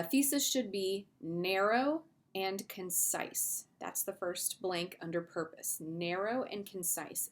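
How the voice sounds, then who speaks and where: Casual woman teaching a lesson. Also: lowish voice. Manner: conversational, with fillers and asides. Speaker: English teacher. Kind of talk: recorded video lesson.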